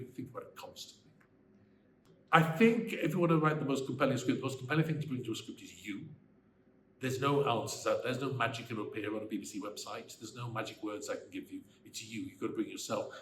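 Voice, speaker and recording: A Welsh man in his sixties, a screenwriter answering interview questions in an animated, emphatic way that turns into bursts of ranting. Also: medium pitch. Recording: roomy echo, faint background noise.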